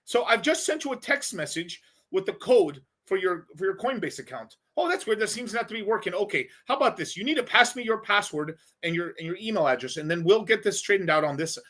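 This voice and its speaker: A man's voice: sits high, expressive, brisk, few pauses, a bit bright, voice pushed up. A man voicing a fake support scam caller with an Indian accent, overly polite and stumbling through his script. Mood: mock polite.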